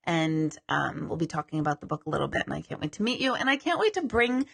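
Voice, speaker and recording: This woman has a deep, husky voice with vocal fry, a fairly bright tone and big pitch swings, and she talks fast. On her live stream as a psychic medium she's chatty, mocks herself and swears casually.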